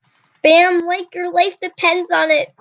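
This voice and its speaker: A woman's voice: very high-pitched, flat delivery, slow, fairly bright tone, no room sound. A young woman casually commenting on her gameplay, often frustrated and apologizing to her viewers. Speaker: gaming channel host. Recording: dull lo-fi sound.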